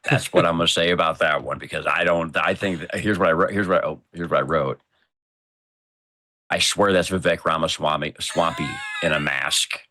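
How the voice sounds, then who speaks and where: A man's voice: deep voice, steady tone, brisk, sharp tone, no echo. A man co-hosting a casual online show, rambling and joking as he chats. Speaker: co-host. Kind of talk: casual chat.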